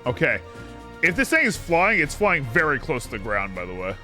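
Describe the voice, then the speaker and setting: A man streams a video game and comments casually, with joking, sarcastic asides. His voice is bright and ringing and swings widely in pitch. Faint game music plays beneath him. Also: wildly swooping pitch, moderate pace.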